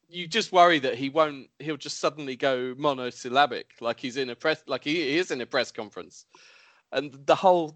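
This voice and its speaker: A man hosting a casual podcast chat, animated and full of restarts. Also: medium pitch, no room sound. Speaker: podcast host.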